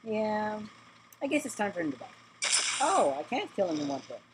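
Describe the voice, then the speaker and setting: A woman's voice: medium pitch, very animated, moderate pace, background noise. A woman hosting a let's play video, talking chattily over her gameplay, repeating words and joking with the characters on screen. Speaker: gaming channel host.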